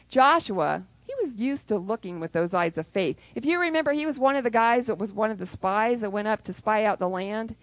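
A woman preaching a sermon who acts out prayers and little scenes, even with sound effects. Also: medium pitch, a little fast, few pauses, no echo, rough recording.

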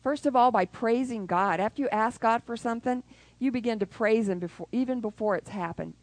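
A woman preaching a sermon who acts out prayers and little scenes, even with sound effects. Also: fairly high pitch, fairly quick, no echo, low-quality recording.

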